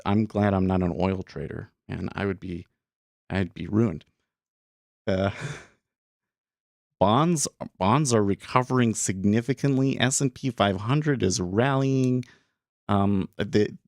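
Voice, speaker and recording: A man's voice: on the low side, vocal fry, darkish tone, no echo, clean studio sound. A man hosting a day trading livestream, talking casually and rambling with lots of fillers and restarts. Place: home studio room.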